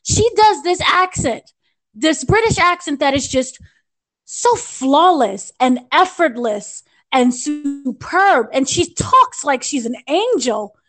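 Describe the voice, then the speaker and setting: A young American woman, an entertainment editor, reviews a film on a podcast, gushing and rambling with plenty of restarts and fillers. Her voice sits high and sounds expressive, slow, and fairly bright.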